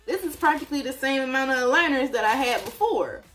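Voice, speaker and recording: A woman's voice: high voice, lively intonation, fast talker, a bit bright, faint music behind. A woman vlogger telling a story in a casual way, acting out her own reactions as she goes.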